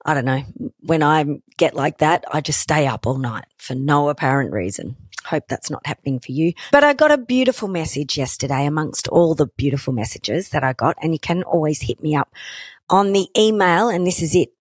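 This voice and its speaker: A middle-aged woman with an Australian accent chats alone into a studio microphone as a podcast host. Her voice sits fairly low, and the sound is dry and close with no room around it. She talks casually and pokes fun at herself. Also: animated, a little fast, dry recording. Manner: chatty and self-deprecating, joking asides. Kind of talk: solo podcast chat.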